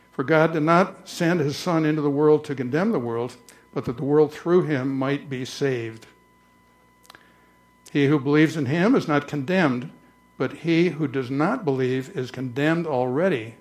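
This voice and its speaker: A man preaching a conversational church sermon, slowing down to read scripture aloud. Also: on the high side. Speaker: pastor.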